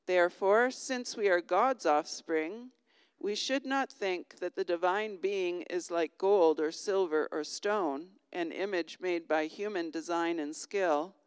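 Slow, crystal-clear woman reading scripture. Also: lowish voice, no room sound, in a large hall. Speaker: scripture reader. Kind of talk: formal Bible reading.

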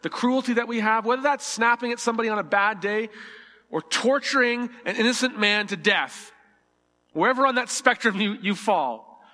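A man's voice: extremely high pitch, moderate pace, bright, forceful tone, long reverb tail. A man preaching a sermon, earnest and vivid, acting out the scripture dialogue with shifting emphasis. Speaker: pastor.

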